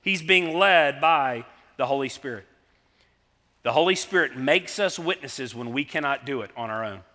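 A man's voice: mid-range voice, expressive, normal speed, bright, forceful tone. A middle-aged man preaching a sermon, telling stories in a conversational way with fillers and restarts. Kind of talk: sermon with storytelling. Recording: long reverb of a large hall.

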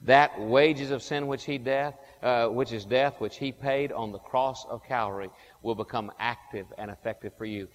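A male pastor preaching a sermon in a church, asking the congregation questions and stressing key words slowly. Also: medium pitch, steady tone. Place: church sanctuary. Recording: long hall reverb.

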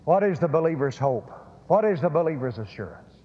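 A man's voice: on the high side, animated, a little fast, husky. A man preaching a sermon, emphatic and prone to repeating words and restarting phrases. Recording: lo-fi sermon recording in a reverberant hall.

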